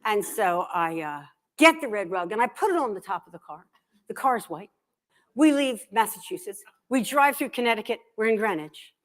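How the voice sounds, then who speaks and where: Animated, joking middle-aged woman telling stories. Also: medium pitch, moderate pace. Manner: animated, joking, self-deprecating. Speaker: guest author. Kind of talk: comic storytelling talk. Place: live library event.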